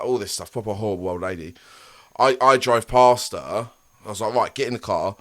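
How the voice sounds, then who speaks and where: A man's voice: on the low side, a little fast, a bit bright. A man, telling rambling stories on a casual podcast, laughing and swearing as he goes. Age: 30s. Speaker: podcast co-host. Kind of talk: casual chat.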